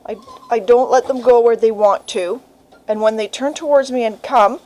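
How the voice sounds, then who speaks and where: A young woman dog breeder talking casually while filming on a handheld camera in her kitchen, calmly explaining each step and switching to a high sing-song voice for the puppy. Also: normal speed, poor audio. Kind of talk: casual instructional vlog. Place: home kitchen, indoors. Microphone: handheld camera mic.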